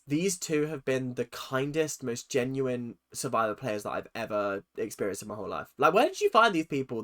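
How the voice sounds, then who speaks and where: A man giving casual reaction commentary. He is excitable and swears often, talking straight back at whatever he is watching. His voice swoops widely in pitch and has a bright, forceful edge. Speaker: reaction channel host.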